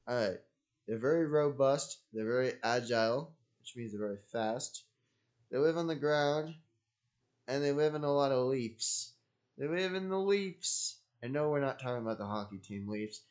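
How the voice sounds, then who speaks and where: A male channel host talks slowly and loosely, circling back to the same phrases. His tone is joking and digressive, and he often wanders off on side remarks. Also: mid-range voice, animated, darkish tone. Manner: repetitive, jokey, digressive. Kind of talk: casual rambling solo talk.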